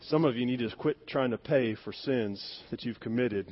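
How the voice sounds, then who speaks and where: A man preaching a sermon with emphatic delivery, dropping to near-whispers and rising to stressed loud words, asking the congregation to repeat phrases after him. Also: mid-range voice, normal speed. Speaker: pastor. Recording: dull lo-fi sound.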